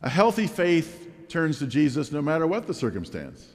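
A man's voice: a little high, wildly swooping pitch, normal speed, big-room sound. A man preaching a sermon as a pastor, asking the congregation rhetorical questions.

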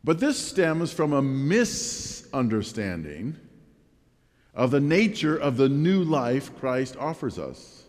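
A man's voice: mid-range voice, sing-song, slow pace, darkish tone, in a large hall. A man preaching a sermon as a pastor, asking the congregation rhetorical questions.

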